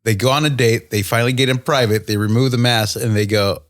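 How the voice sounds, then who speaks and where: A man's voice: medium pitch, fairly even intonation, fast talker, fairly bright tone, no echo, clean studio sound. A man co-hosting a podcast, joking crudely and swearing in casual chat. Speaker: podcast co-host.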